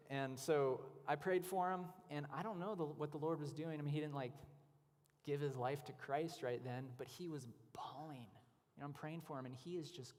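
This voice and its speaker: Casual male speaker, storytelling testimony, mid pitch, long hall reverb. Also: moderate pace, a little mellow. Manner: conversational storytelling with many fillers. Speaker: guest speaker. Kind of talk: testimony talk at a church event. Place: church hall.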